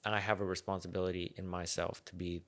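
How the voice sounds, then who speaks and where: A man's voice: low voice, little pitch movement, fast talker, fairly bright tone. A young man hosting a podcast, chatting casually in a rambling, laid-back way with frequent swearing and laughter. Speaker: podcast host. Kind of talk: casual chat.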